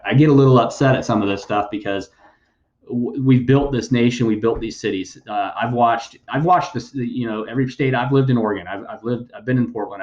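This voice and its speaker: Man, podcast host, blunt sarcastic rant, lowish voice, roomy dull recording. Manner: sarcastic, blunt, swears freely. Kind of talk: opinionated news commentary.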